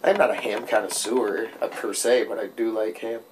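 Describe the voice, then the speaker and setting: A man's voice: lowish voice, fairly even intonation, normal speed, background noise. A man in casual conversation who rambles, restarts his thoughts and swears casually. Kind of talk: casual chat.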